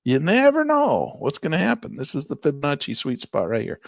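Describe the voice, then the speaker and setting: A man's voice: a little high, wildly swooping pitch, brisk, gravelly, no room sound. A middle-aged man teaching a live trading class, narrating chart moves in a teasing, playful way. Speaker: trading instructor.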